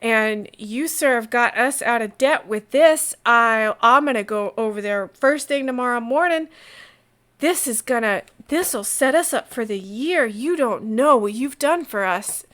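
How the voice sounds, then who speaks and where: A cheerful middle-aged innkeeper and brewer, put on by a woman game master, bubbling over with thanks. He tumbles over his own words in his excitement, in a fairly high voice, for a tabletop role-playing game. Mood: grateful. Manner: excited, hurried, stumbling restarts.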